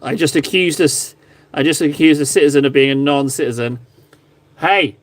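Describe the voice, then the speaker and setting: A man's voice: fairly high pitch, fairly quick, no room sound. A man streaming live, chatting casually and joking with his viewers while painting miniatures. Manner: chatty, jokey, mock-grovelling. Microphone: phone camera.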